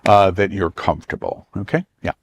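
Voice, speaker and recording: A man's voice: low voice, fairly even intonation, fairly quick. A man with a Southern US accent, hosting a travel club and briefing a group in a meeting room in a chatty, joking way.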